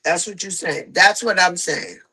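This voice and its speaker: A woman's voice: lowish voice, measured pace, pushed and bright, husky, rough recording. A middle-aged woman telling a personal story in casual chat, animatedly acting out the voices of the people she quotes. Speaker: guest telling her story.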